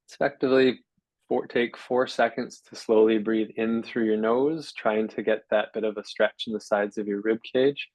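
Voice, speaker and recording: A man with a low-set voice talks through anatomy and breathing exercises in a measured, step-by-step way, pausing on fillers and restarting his sentences. The sound is close and dry, with no room around it. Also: fairly even intonation, darkish tone, no echo, low-quality recording. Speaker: physiotherapist guest. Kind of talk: explanatory interview talk.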